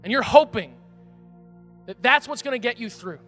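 A pastor preaching a sermon, animated and conversational, with emphatic outbursts. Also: male voice, very high voice, moderate pace. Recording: reverberant hall, faint music.

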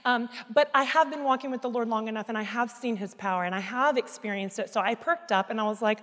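Thirtysomething woman giving a sermon, kinda high voice, candid n animated, big echoey church hall. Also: fast talker. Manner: candid and animated, self-mocking asides. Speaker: speaker at a church service. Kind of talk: sermon with personal storytelling. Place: church auditorium. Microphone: microphone.

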